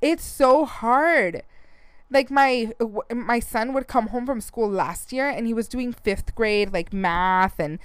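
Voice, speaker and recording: Woman podcaster, chatty and animated, fairly high smooth voice, dry close sound. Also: unhurried, hardly any pauses, no echo. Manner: chatty, animated, laughs often. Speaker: podcast host. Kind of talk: casual chat.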